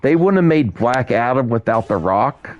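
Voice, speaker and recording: A man's voice: medium pitch, expressive, normal speed, highs cut off. A man chatting casually on a live stream while he plays a game, rambling with many restarts and talking to his viewers, on a headset mic.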